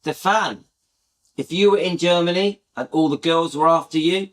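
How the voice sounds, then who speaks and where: A British man with a fairly high-pitched voice hosts his channel, talking at a normal speed. He chats to viewers casually and enthusiastically, rambling as he goes.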